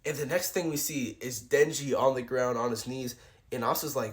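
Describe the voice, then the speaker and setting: A man's voice: medium pitch, moderate pace. A man casually summarizing a comic chapter, often saying "like" and "guys". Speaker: manga recap creator.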